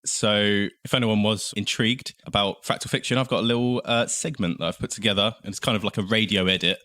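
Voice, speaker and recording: A man's voice: fairly low pitch, fairly even intonation, fairly quick, pushed and bright. A man hosting a casual comedy podcast, jokey and laughing easily. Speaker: podcast host.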